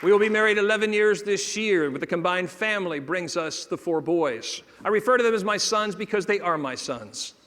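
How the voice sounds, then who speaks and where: Middle-aged male keynote storyteller, a touch high-pitched, humorous with quiet heartfelt turns; long hall reverb. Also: animated, a little fast, hardly any pauses, a faint crowd, slight background noise. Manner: humorous, builds to hushed emotional moments. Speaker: motivational speaker.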